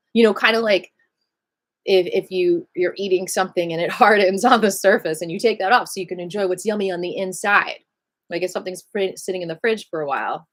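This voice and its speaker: A woman leading a live online qi gong class in a chatty, animated way, giving gentle breathing cues and greeting viewers by name. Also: mid-range voice. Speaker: qi gong teacher.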